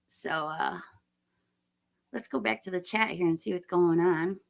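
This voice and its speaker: A middle-aged woman hosting a live stream, chatting enthusiastically and rambling with fillers, her voice slightly hoarse as she loses it. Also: lowish voice, slow pace. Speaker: livestream host. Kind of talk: casual live-stream chat.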